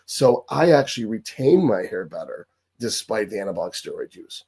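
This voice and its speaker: A man's voice: lowish voice, big pitch swings, moderate pace, darkish tone, breathy edge. A man hosting a live question-and-answer session, ranting bluntly with lots of profanity and hammering his points with repetition. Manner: repeats phrases for emphasis. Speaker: host answering viewer questions. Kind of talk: live Q&A monologue.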